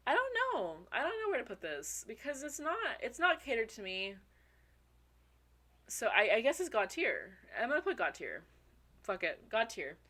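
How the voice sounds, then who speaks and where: Bright, excitable young woman. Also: a little high, moderate pace. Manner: excitable, swears freely, laughs often; talks to her viewers as y'all. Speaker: vlogger. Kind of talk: casual chat.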